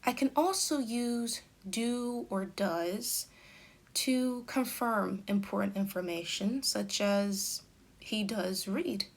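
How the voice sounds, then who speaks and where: A woman teaching an English grammar lesson at an unhurried pace. She lays out each example sentence with careful, deliberate emphasis, like a patient tutor. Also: fairly high pitch. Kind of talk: slow explanatory grammar lesson.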